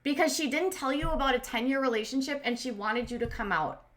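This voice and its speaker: High-pitched and brisk, this commentary channel host talks through a reality show recap. She chats along with plenty of "like" and "um," freely cheering on or scolding the people involved.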